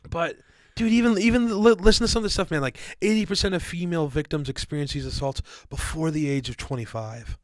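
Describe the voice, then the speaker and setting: This man speaks on the high side and fast, barely pausing, in a dry recording. Co-hosting a laid-back podcast, he rambles with plenty of fillers and restarts and addresses the audience as "guys" and "dude."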